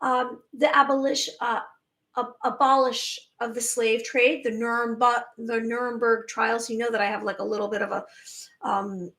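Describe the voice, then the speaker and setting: A high-voiced woman talks straight to her live viewers. She sounds emphatic and chatty, and now and then she restarts a word before carrying on. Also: little pitch movement, moderate pace, a bit bright. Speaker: spiritual channel host. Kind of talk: live-stream monologue.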